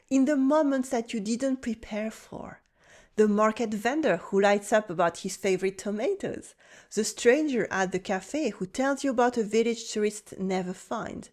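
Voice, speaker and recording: A woman with a French accent teaching French, narrating a calm, encouraging scripted lesson. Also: a little high. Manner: calm, encouraging, acts out short French dialogue lines.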